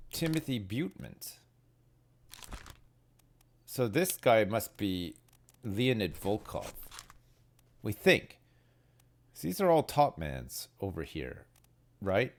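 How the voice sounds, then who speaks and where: A man streaming a game, muttering and puzzling things out aloud as he plays. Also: a little hiss or hum. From Britain. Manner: muttering, puzzling things out, wildly swinging pitch. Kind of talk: thinking aloud while playing a game. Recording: faint game music behind. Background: faint game music.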